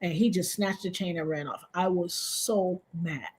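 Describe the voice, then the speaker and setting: A woman hosting a livestream, telling a personal story in a casual, animated way and jumping to loud, high exclamations. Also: moderate pace, a little hiss or hum.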